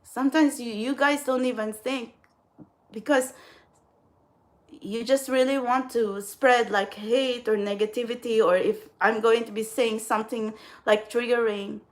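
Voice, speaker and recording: A woman vlogs in a loose, rambling way to her audience. Her voice sits fairly high, and she laughs often and keeps restarting her sentences. She gets blunt and scolding when she turns to trolls. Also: steady tone, a little slow. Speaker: vlogger. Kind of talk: casual rambling vlog.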